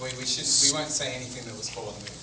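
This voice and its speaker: A man's voice: medium pitch, rapid-fire, background noise. A man hosting a live stage Q&A, stammering and laughing as he talks. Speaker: event host on stage. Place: dark movie theater on stage. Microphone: handheld mic, heard from audience camera. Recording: far echoey theater, loud crowd.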